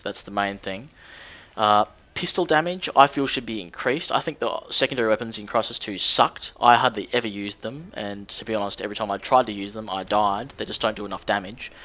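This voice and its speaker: A man's voice: lowish voice, a bit bright. Rambling man talking games. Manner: rambling, hesitant, lots of fillers. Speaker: gaming video creator. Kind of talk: casual unscripted commentary.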